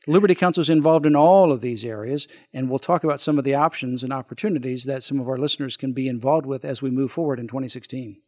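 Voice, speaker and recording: A man hosting a talk radio show, speaking in a measured, earnest way. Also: mid-range voice, darkish tone, dry recording, clean studio sound.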